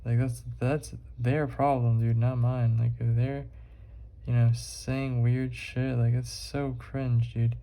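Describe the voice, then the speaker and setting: A man's voice: medium pitch, flat delivery, slow pace, dark tone. A young man vlogging while he draws, rambling casually with lots of fillers and swearing. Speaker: art vlogger.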